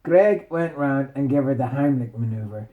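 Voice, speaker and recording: A man's voice: medium pitch, normal speed, phone-quality sound. A man improvising a meandering, playful bedtime story. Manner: playful, meandering, self-interrupting.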